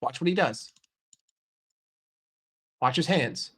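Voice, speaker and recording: A man's voice: a little high, expressive, slow, pushed and bright, slightly rough. An American man giving a heated, profane football reaction rant with lots of emphatic repetition. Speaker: football fan commentator.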